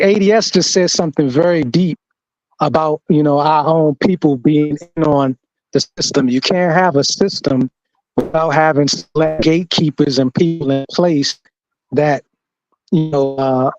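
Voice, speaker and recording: A man on a discussion panel asking a thoughtful question, halting and searching for words. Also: fairly high pitch, darkish tone, dry recording. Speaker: panel guest. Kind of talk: casual discussion. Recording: dull lo-fi sound.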